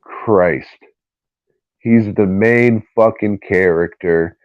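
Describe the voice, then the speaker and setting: Slow, blunt, foul-mouthed podcast man. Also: lowish voice, no room sound. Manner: blunt, profane ranting. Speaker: podcast co-host. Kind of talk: casual podcast chat. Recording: dull lo-fi recording.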